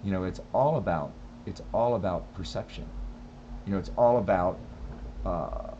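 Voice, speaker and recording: A man's voice: low-pitched, normal speed, warm tone, highs cut off, a little hiss or hum. A man talking thoughtfully in a casual vlog monologue, rambling with frequent restarts. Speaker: vlogger.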